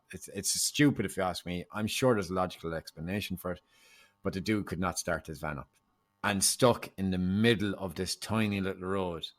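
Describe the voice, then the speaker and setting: Laughing Irish man, low voice. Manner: laughing, playful, jumps into impressions. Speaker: podcast guest. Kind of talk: casual chat.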